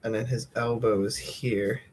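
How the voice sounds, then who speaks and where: On the low side and a little mellow, this young man's voice stays fairly even and a bit slow, with a little hiss or hum. He's drawing a comic on a nighttime home stream, chatting aimlessly with lots of fillers and casual swearing.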